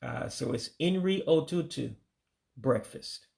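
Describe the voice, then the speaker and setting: An American man giving a casual vocabulary lesson, saying each word slowly, repeating it, then giving its English meaning. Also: medium pitch, animated, creaky, a little mellow. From United States. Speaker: language learner teaching vocabulary.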